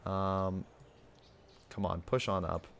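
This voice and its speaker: A man's voice: sits low, little pitch movement, slow, noisy background. A young man giving casual commentary on his strategy game, thinking aloud as he orders his units about. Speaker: gaming video host. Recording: game music behind the voice.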